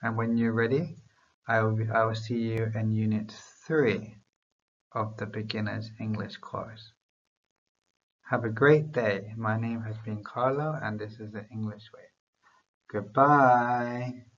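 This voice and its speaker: Man teaching beginner english, very slow deliberate drills, dull lo-fi recording. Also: on the low side, steady tone. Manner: slow, deliberate drill reading with pauses to repeat.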